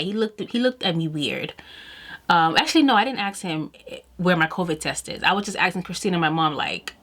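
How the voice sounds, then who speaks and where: A woman beauty vlogger telling a personal story in a casual, chatty way to camera, often acting out what she and others said. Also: on the low side. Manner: chatty and animated, quoting herself and others. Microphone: camera mic while doing makeup.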